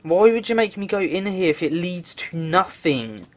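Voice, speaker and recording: A man's voice: high voice, expressive, normal speed. A man doing game commentary, talking to himself and swearing in frustration as he plays. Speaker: let's play gamer.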